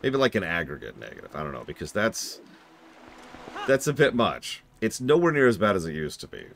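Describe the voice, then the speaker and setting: A man's voice: fairly low pitch, big pitch swings, brisk, creaky, a bit bright, slight background noise. A man streaming live, commenting on a game as he plays and joking with chat in a rambling, self-deprecating way. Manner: talks to chat while playing.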